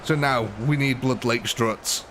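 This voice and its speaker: Young English male streamer, excitable, mid-range voice, faint hum behind. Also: medium pitch, unhurried. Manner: excitable, laughs often, addresses viewers as ladies and gentlemen. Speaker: live stream host. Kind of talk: casual live gaming commentary.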